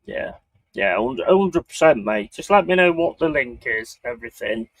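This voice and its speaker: Streaming from home, this man from Bristol jokes around with a guest and reads chat comments aloud, keeping things relaxed. His voice is fairly high, creaky and lively at a moderate pace, captured in a low-quality recording with no echo.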